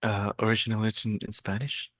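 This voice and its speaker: A man's voice: lowish voice, completely flat delivery, quick pace, a bit bright. A male student giving brief, hesitant answers in a tutoring session.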